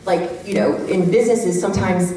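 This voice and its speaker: A middle-aged woman giving a lively workshop talk to a live audience, acting out the voices she quotes. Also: lowish voice, a little fast. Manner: animated, acts out quoted voices. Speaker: workshop speaker. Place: church hall. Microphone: handheld microphone. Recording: echoey hall from far off, faint background hum.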